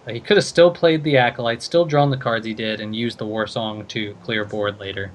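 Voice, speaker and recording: A man's voice: on the low side, fairly even intonation, a little fast. A man casting a card game tournament, talking through each play with plenty of thinking-aloud fillers. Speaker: esports caster.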